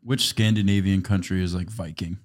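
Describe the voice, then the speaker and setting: A man's voice: sits low, fairly even intonation, brisk, a little hiss or hum. A man co-hosting a podcast in casual chat, dropping dry, quippy one-liners. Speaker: podcast co-host.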